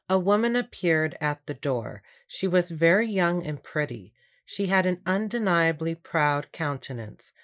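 Calm woman reading a story aloud. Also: on the low side. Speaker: audiobook narrator. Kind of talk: scripted storybook narration.

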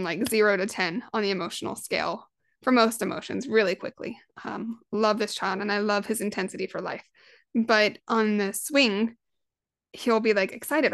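A woman's voice: medium pitch, fairly bright tone, no room sound, clean studio sound. A woman in her thirties hosting a parenting podcast, talking in an earnest, conversational way and acting out little quoted lines. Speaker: podcast host. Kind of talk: casual parenting talk.

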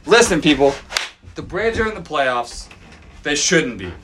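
A man hosting a podcast from his backyard, ranting profanely as a sports fan and swinging from loud outbursts to low mutters. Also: big pitch swings, a little slow, noisy background. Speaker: podcast host. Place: home backyard.

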